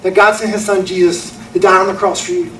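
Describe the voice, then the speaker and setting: A man's voice: high-pitched, level tone, fast, fairly bright tone, slight background noise. A young man preaching a sermon, telling a story in an earnest, folksy way. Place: church auditorium. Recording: echoey room from a distance.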